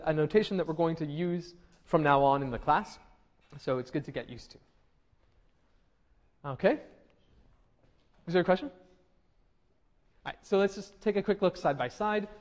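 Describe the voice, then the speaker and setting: A man's voice: on the high side, a little mellow. Man lecturing a linguistics class. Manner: explanatory, checks in with students often.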